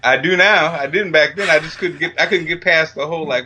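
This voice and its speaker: A man's voice: fairly high pitch, fairly quick, sharp tone, shouting, slight background noise. A middle-aged man co-hosting a casual chat, joking around and laughing easily. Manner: joking, playful, laughs readily. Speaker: podcast co-host.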